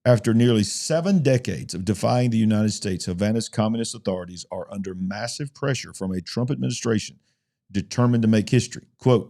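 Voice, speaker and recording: A man's voice: on the low side, a little fast, warm tone. Man hosting a news commentary show. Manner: reads headlines aloud with emphatic asides. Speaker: host.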